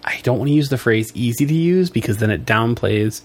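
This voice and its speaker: A man co-hosting a podcast in casual chat, relaxed, filling in and correcting details and sometimes trailing off mid-sentence. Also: medium pitch, brisk. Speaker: podcast co-host.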